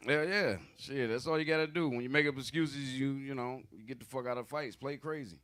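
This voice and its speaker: Brash bright-voiced male stand-up comic. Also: mid-range voice, fairly quick, few pauses. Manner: profane, loose, conversational delivery with asides to the audience; acts out arguing old men in gruff voices. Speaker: stand-up comedian. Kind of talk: stand-up comedy set.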